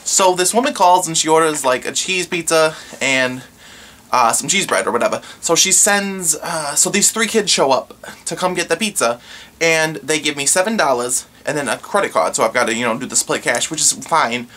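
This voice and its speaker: A man's voice: a little high, expressive, moderate pace, bright, forceful tone. A man who works in a pizza shop, chatting casually and acting out his customers' lines. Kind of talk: casual storytelling vlog.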